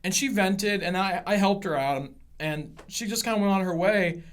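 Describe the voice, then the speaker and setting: A man's voice: sits high, normal speed. A man in his twenties hosting a casual podcast, swearing often and acting out customers as he tells work stories. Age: 20s. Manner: profane, animated, acts out customers in retelling. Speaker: podcast host. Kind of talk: casual chat, storytelling.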